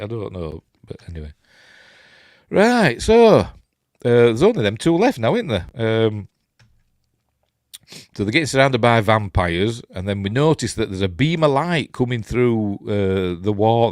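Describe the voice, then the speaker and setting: A man's voice: lowish voice, a little mellow, no room sound, clean studio sound. Hesitant Yorkshire man recapping a film. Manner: rambling, hesitant, many ums and self-corrections. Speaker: film reviewer. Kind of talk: casual film recap while watching.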